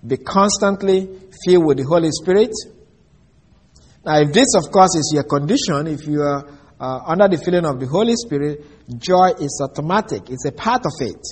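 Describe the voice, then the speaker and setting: A man preaching a sermon in a measured teaching manner, slowing down to stress key phrases. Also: a little high, lively intonation, slightly rough.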